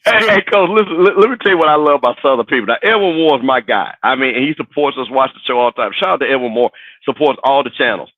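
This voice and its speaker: A man co-hosting a casual sports chat, animated and teasing, laughing often. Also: mid-range voice, fast talker, dry recording. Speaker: co-host. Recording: tinny phone-like line.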